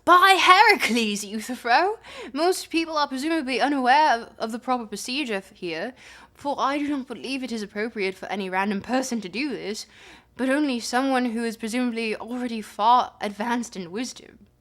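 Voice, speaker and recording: A woman's voice: on the high side, normal speed, sharp tone. A woman reading the part of an inquisitive older male Greek philosopher with a probing, questioning delivery. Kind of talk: live reading of a dialogue.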